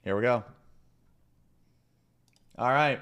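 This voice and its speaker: A man's voice: mid-range voice, clear, resonant tone. A man streaming a game live, commenting as he plays and ranting about the fight with heavy swearing. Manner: profane, ranting, quick to shout in frustration.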